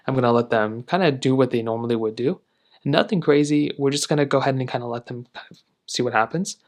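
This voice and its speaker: A man narrating a casual tech review in a relaxed, rambling way, with lots of filler phrases. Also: mid-range voice.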